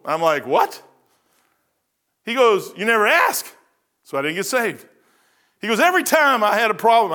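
Bright-voiced, high-pitched preacher. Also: male voice, sing-song, normal speed. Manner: folksy storytelling, swings between loud bursts and quiet asides. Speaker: pastor. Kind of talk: sermon with personal stories.

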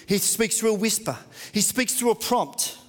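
High voiced pastor preaching, goes big then drops soft, long echo off the hall. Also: male voice, expressive, normal speed. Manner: dramatic, swinging from loud to hushed. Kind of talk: sermon.

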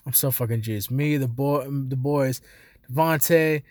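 A young man chatting casually in a rambling, profane, excitable way, laughing often as he tells stories. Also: medium pitch, a little slow, a little hiss or hum. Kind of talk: casual chat.

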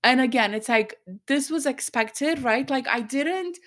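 A woman hosting a podcast, venting to her listeners in a personal monologue. She sounds angry and worked up, frustrated, and talks in bursts with quick asides. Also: sits high, fairly bright tone. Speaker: podcast host.

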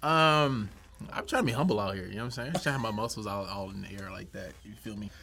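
A man's voice: lowish voice, fast, gravelly, pushed and bright, a little hiss or hum. A man trading laid-back, dry jokes as a comedian guest on a game show. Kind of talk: casual comedic banter.

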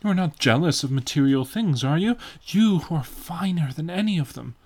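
A man's voice: a little high, expressive, moderate pace, a little mellow, voice pushed up. A man voicing an earnest male painter who pleads with his friends in an urgent, emphatic way. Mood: pleading.

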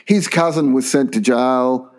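A man's voice: mid-range voice, measured pace. A man co-hosting a casual podcast, telling crude stories and laughing often. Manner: animated yarn-spinning, crude, laughs often. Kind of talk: casual chat, storytelling.

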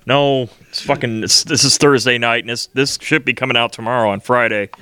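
A man's voice: mid-range voice, fairly even intonation, brisk, bright, forceful tone, no room sound. A young man co-hosting a podcast, blunt and crude, swearing constantly in casual chat. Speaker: podcast co-host.

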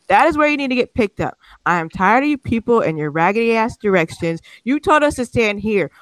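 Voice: mid-range voice, a bit bright, no room sound. A podcast host delivering an exasperated, profane comedic rant with sarcastic asides. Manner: sarcastic, mocks people's excuses.

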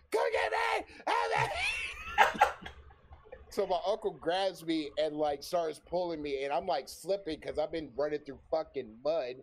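A young adult man telling a story in a casual chat, swearing freely, animated, and often breaking into laughter. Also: a little high. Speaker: podcast guest telling a story.

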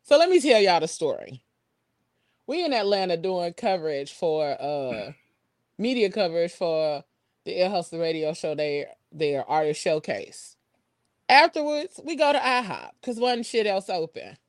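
A woman co-hosting a casual online talk show, telling a story with lively, slang-heavy banter and laughter. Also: on the low side, a little slow, no room sound, clean studio sound. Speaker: podcast co-host.

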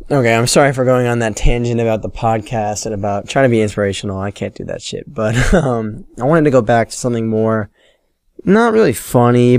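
A man's voice: lowish voice, darkish tone, clean tone, no room sound, studio quality. A man in his late teens hosting a solo podcast, telling rambling, self-deprecating stories and swearing freely. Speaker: podcast host. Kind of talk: casual solo podcast storytelling.

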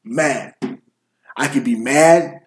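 A man telling stories in casual podcast chat, animated and swearing often. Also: mid-range voice, slow pace. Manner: profane, animated storytelling. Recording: roomy echo.

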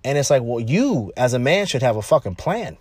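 Animated man giving blunt relationship advice. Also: a little fast, slightly rough, no room sound. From California, United States. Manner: animated, repetitive, acts out quotes in higher voice. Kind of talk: casual monologue.

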